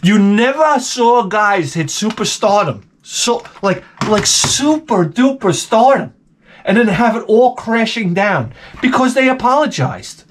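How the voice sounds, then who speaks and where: A man hosting an unboxing vlog, talking in an excitable, rambling way with frequent exclamations. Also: sits high, a little slow, a little hiss or hum. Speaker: YouTube host.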